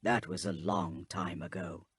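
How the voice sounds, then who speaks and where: A man voicing a grave, secretive male inquisitor, speaking in a measured, reserved, husky voice. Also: sits low, fairly even intonation, a bit bright, no echo, voice pushed down, exaggerated voice.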